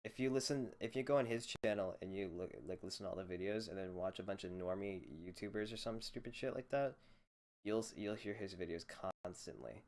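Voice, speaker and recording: A man's voice: lowish voice, fairly quick, a little mellow. Rambling, profane young man ranting. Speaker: podcast host. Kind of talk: solo rant podcast. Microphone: desk microphone.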